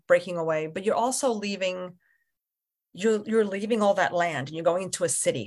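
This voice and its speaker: A woman interviewing a guest, asking thoughtful questions in loose, conversational phrasing. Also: fairly low pitch.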